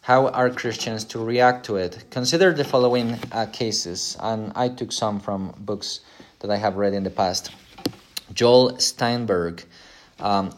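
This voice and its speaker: A man's voice: on the low side, a little slow. A middle-aged man preaching a conversational sermon, speaking directly and asking his listeners rhetorical questions.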